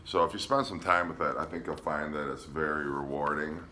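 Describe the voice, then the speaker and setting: Low bright-voiced man showing records. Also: fairly quick, a little hiss or hum. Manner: relaxed, hesitant with frequent ums. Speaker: vinyl collector showing records. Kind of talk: casual show-and-tell vlog.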